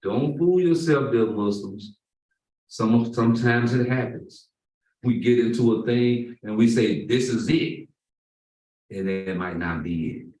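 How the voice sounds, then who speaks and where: A man's voice: medium pitch, a little mellow. A man delivers a Friday sermon in a mosque prayer hall, stretching out the words he wants to land. His voice rings with roomy echo and sounds set back from the microphone. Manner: emphatic, slow and drawn-out on key words. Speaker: imam. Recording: roomy echo, far from the mic.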